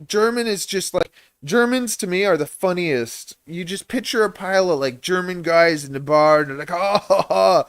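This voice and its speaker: A man's voice: sits high, normal speed, fairly bright tone, clean tone, dry recording. Rambling, laughing livestream guy. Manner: rambling, self-deprecating, laughs a lot. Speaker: livestream host and reptile breeder.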